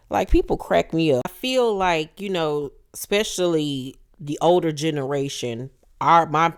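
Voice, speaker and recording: Woman, low voice, casual TV recap, blunt, swears freely, acts out quotes. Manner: blunt, profane, animated retelling with quoted voices. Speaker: reality TV recap YouTuber.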